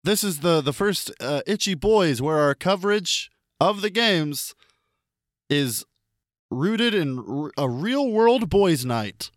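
A co-host on a comedy podcast slowly narrates a silly made-up scene for a game, his expressive voice sitting on the high side. He's jokey, laughs frequently and switches into silly voices, heard in studio quality with no echo.

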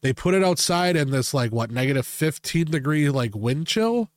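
A man's voice: a little high, expressive, moderate pace, no echo. Podcast host, male, crude rant-style storyteller with frequent laughs; dry, close recording. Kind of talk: casual chat.

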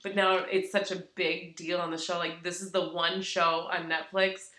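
A woman's voice: lowish voice, little pitch movement, normal speed, sharp tone. A woman co-hosting a podcast in casual chat, full of fillers and quoted asides. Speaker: podcast co-host. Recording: echoey room.

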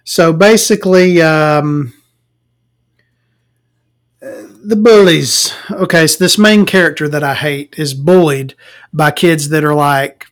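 A man's voice: on the high side, fairly even intonation, unhurried. A man ranting about a movie in a rambling, sarcastic, profane way, laughing at his own jokes. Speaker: movie reviewer. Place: home recording, eating and drinking.

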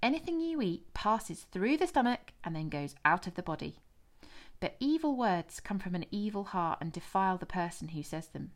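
A woman voicing Jesus as a calm, firm, earnest male teacher in a scripture reading. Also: mid-range voice, moderate pace.

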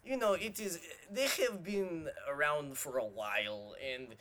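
A man voicing an offbeat Eastern European male driver, who speaks in calm, earnest, broken phrases. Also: on the high side, unhurried, voice pushed up, heavily acted.

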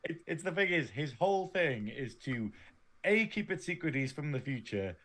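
A man's voice: fairly high pitch, very animated, moderate pace, fairly bright tone. A man with a Northern English accent co-hosting a casual episode review, laughing often and swearing casually. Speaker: podcast co-host reviewing episodes.

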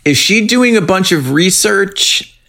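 Animated man co-hosting a casual podcast. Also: high-pitched, takes it slowly. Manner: animated, joking, acts out lines in put-on voices. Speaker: podcast co-host. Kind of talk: casual chat recapping a TV show.

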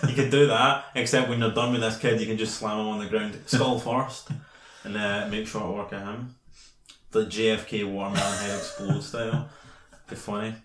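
A man in his twenties bantering in a casual podcast chat, animated and sweary with dark jokes. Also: on the low side, normal speed, echoey room, noisy background. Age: 20s. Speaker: podcast co-host.

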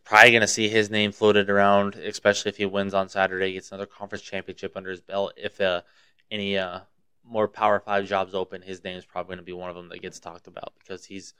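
Young man, low voice, smooth and clear, dry close sound, profane rambling podcast rant. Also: monotone, fast, pushed and bright, no echo. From Montana. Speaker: podcast host. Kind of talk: casual solo podcast rant.

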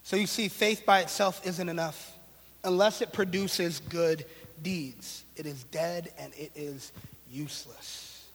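A man with a notably high voice gives a relaxed, conversational sermon. He mixes slang and playful sarcastic asides into his preaching. His voice trails off in a long reverb. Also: takes it slowly.

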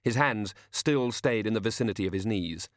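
A man reading a novel aloud as narrator, in a measured, dry storytelling manner. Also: fairly low pitch, dry recording. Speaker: audiobook narrator. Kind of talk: scripted narration.

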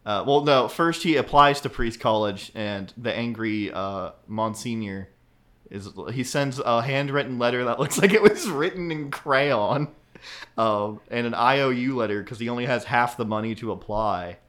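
Man, podcast co-host, casual chat, easygoing, chuckling, mid-pitched voice. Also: moderate pace, a bit bright.

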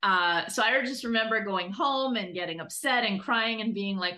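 A woman's voice: mid-range voice, normal speed, hardly any pauses. A middle-aged woman, a guest in an interview, telling her story casually and with animation. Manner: animated storytelling, laughs often. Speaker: guest, creative director.

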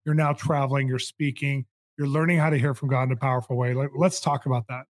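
A man's voice: medium pitch, little pitch movement, fast. Enthusiastic male interview host. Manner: enthusiastic, laughs easily. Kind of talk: casual interview.

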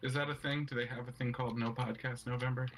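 A man's voice: medium pitch, little pitch movement, fast, a bit bright, poor audio. A man co-hosting a casual podcast chat, teasing and playfully acting offended. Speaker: podcast co-host.

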